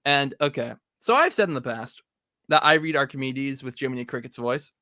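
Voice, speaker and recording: A young man talks through a comic with a friend in a lively, up-and-down voice that stays bright and a little higher than most men's. He laughs often and lets some phrases fade into low mumbles. The sound is close and dry, with no room around it. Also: brisk, no echo. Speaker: podcast co-host. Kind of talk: casual comic review chat.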